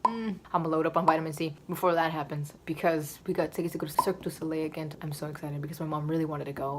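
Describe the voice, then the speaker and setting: A woman's voice: low voice, steady tone, fast, hardly any pauses, slight background noise. A young woman vlogging at home into her camera, chatting casually and rambling, often repeating herself. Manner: chatty and repetitive, self-talk to camera. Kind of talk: casual rambling vlog talk.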